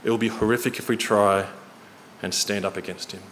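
A man's voice: on the low side, steady tone, fairly quick, fairly bright tone. Man, preacher, earnest sermon, storytelling, reverberant church hall, faint background hiss. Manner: earnest, storytelling, varies pace for emphasis.

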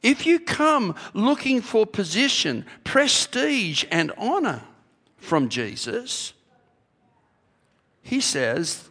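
Male preacher, raised voice with a rough edge, unhurried emphatic sermon delivery; reverberant church hall. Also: sits high, sing-song, a bit bright. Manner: emphatic, rhetorical questions, repeats key phrases. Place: church sanctuary.

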